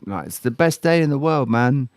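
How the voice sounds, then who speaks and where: A man's voice: mid-range voice, big pitch swings, normal speed, smooth, no room sound, clean studio sound. A man, chatting casually and bluntly as a host, with a lot of swearing. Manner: blunt, sweary, laid-back. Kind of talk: casual chat.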